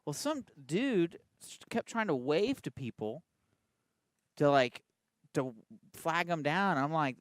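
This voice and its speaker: A man's voice: on the high side, expressive, takes it slowly, long pauses, no echo. Radio guy doing morning banter, laid back and joking at himself, dry close sound. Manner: storytelling, self-deprecating. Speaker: radio show host. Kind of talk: casual on-air banter. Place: live remote broadcast.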